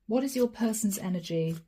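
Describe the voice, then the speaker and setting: Mellow-voiced woman giving a tarot reading. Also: mid-range voice, slight background noise. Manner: talks straight to viewers, naming cards as she draws. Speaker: tarot reader.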